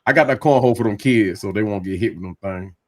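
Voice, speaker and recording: A man's voice: lowish voice, fast talker, darkish tone. A man who calls himself a country boy, chatting casually in a laid-back, folksy way that repeats itself. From American South. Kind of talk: casual sports chat.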